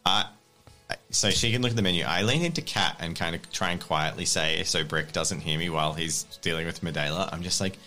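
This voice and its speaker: A man's voice: sits low, brisk, bright, forceful tone, faint music behind. A man playing a tabletop game, joking and laughing as he talks in a casual, conspiratorial way. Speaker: player.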